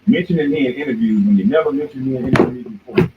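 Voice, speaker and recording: A male show host with a mid-range voice rants very fast in a heated, confrontational commentary monologue, repeatedly saying "boy." His voice comes through a tinny, phone-like line with faint noise.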